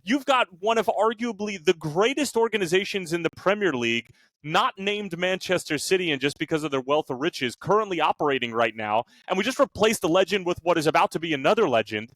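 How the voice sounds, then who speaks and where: A man's voice: high voice, animated, brisk, a bit bright, dry recording. A man co-hosting a sports podcast, ranting with energy and swearing, firing off rhetorical questions in heated casual chat. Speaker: podcast co-host, Liverpool fan. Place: podcast studio.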